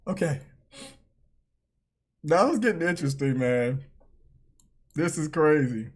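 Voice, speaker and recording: Woman, reaction video host, laughs often, loud exclamations, slow-paced. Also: low voice, expressive, breathy edge. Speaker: channel host.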